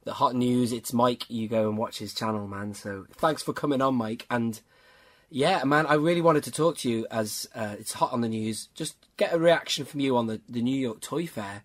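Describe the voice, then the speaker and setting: A man with a mid-range voice hosts a podcast at a normal pace, chatting casually and enthusiastically. He frequently addresses his guest as "man."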